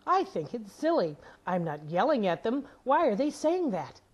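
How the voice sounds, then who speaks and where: A man's voice: very high-pitched, sing-song, moderate pace, heavily acted. A man voicing a worried, defensive parent who asks for advice in a puzzled way.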